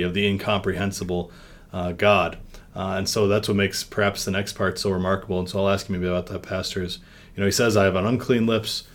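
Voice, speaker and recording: A man with a very low voice leads a church devotion. He reads the passage with lifting emphasis, then talks it through in a loose, conversational way with small fillers. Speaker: vicar leading a devotion. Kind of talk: Bible reading and devotional discussion.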